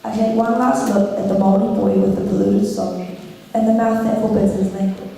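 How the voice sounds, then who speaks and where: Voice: mid-range voice, steady tone, a little fast, dark tone, a little hiss or hum, close to an everyday voice. A narrator in a stage play speaking in a solemn, poetic way. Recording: distant echoey hall.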